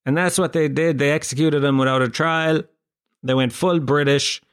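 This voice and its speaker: A man's voice: fairly high pitch, fairly even intonation, moderate pace, smooth. A young adult man, telling a rambling, profane, self-deprecating stand-up story. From Ireland. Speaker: stand-up comedian.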